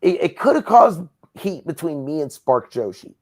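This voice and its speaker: A man's voice: fairly high pitch, big pitch swings, moderate pace, no room sound. A man who works as a wrestling promoter, from Southern California, ranting in a heated, profane way during a casual interview.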